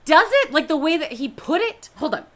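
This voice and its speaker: A woman in casual chat recapping a TV episode, animated and profane, acting out the characters' lines. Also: high voice, a little fast.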